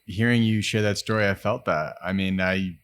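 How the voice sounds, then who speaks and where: A man with a fairly low voice hosts a podcast conversation. He speaks reflectively, thinking aloud with pauses and fillers as he responds to his guest. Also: a bit bright. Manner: reflective, thoughtful, uses many fillers. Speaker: podcast host. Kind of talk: conversational interview.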